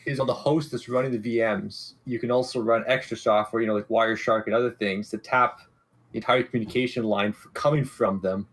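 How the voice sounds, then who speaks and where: A man's voice: medium pitch, fairly even intonation, a little fast. A man on a tech podcast giving a matter-of-fact technical explanation in casual chat. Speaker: podcast co-host.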